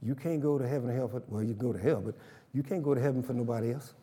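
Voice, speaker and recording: A man's voice: mid-range voice, very fast, mellow, breathy edge, in a large hall. A man preaching a sermon, emphatic and calling for responses from the congregation. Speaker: pastor.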